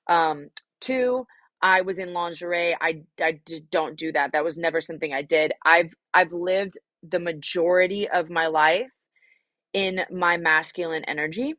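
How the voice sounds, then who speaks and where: A woman's voice: deep voice, a little slow, fairly bright tone, no echo. A young adult woman, a singer-songwriter, answering interview questions frankly and reflectively, with many fillers and some swearing.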